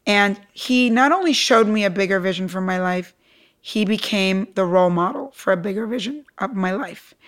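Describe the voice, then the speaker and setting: With a mid-range voice at normal speed, a middle-aged Cuban entrepreneur tells her story as a podcast interview guest. Her delivery is energetic, animated, and emphatic, complete with acted-out quotes.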